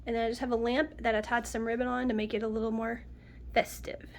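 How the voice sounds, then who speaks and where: Middle-aged woman, stuffy nose from a cold, chatty and homey, slightly high voice, casual house tour. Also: level tone, fast talker. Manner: chatty, homey, lists items one by one. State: nasal from a cold, sniffling. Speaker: home decor vlogger. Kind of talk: casual home tour narration.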